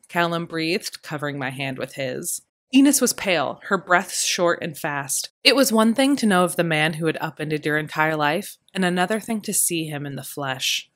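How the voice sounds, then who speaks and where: A woman narrating a historical romance audiobook in a measured first-person reading. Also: sits low, a bit bright. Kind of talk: scripted narration.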